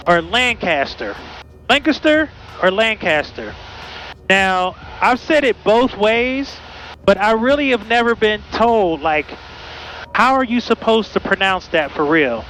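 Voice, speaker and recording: Narrating from the cockpit of a small plane in flight, a Pittsburgh student pilot keeps things chatty and cheerful for his viewers. He has a high, fairly bright voice, and the low-quality recording carries slight background noise.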